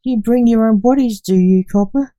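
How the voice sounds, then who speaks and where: A woman's voice: on the high side, normal speed, dark tone, dry recording, voice pushed up, close to an everyday voice. A woman reading a storybook, voicing a sneering, threatening male assassin. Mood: menacing. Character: desperate male gangland assassin.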